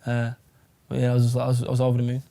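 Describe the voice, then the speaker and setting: A man's voice: mid-range voice, monotone, very fast, gravelly, mellow. A young man from England, chatting casually in an interview, rambling with plenty of fillers and swearing. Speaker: fighter.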